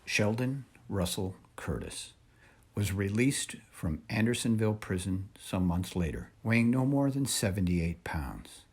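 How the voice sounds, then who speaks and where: A man reading a children's storybook aloud in a measured, expressive way. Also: on the low side, slightly rough. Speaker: reader.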